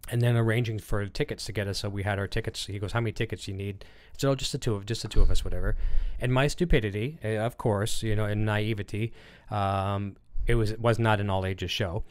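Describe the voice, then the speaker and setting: A man's voice: fairly low pitch, fairly even intonation, fast. A man hosting a casual livestream, rambling with lots of fillers as he reads chat comments and tells a story. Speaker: livestream host.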